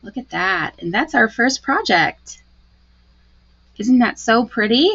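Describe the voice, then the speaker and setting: A woman's voice: medium pitch, a bit bright, muffled recording. A woman giving a live craft tutorial, chatty and gushing as she talks through each step. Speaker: card-making demonstrator.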